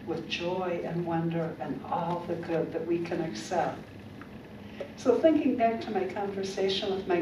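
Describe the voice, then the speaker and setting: A woman minister giving an upbeat, conversational sermon and leading the congregation in affirmations, recorded from far off in a church sanctuary. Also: mid-range voice. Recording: roomy church sound from far off, noisy.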